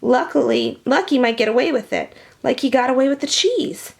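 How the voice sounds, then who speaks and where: A woman voicing a calm male schoolteacher in a children's storybook, speaking slowly. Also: high-pitched, gravelly. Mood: measured. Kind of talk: storybook read-aloud.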